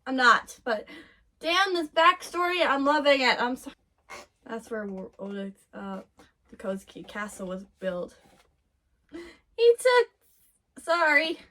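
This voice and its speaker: Woman reaction host, lively and sing-song, giggly and gushing, thinks aloud in fragments. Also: high voice, slow, long pauses. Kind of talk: casual reaction commentary.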